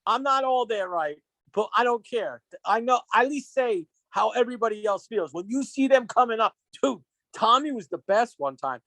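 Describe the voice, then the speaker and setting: A man's voice: extremely high pitch, animated, moderate pace, pushed and bright, dry recording. A man filling in as co-host, telling rambling, profane stories in casual chat. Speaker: guest co-host.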